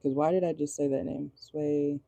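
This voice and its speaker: A woman's voice: sits low, steady tone, normal speed, gravelly, dark tone, no echo. A woman giving a casual tarot reading from inside a car, chatty and rambling, laughing often and swearing casually. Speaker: tarot reader.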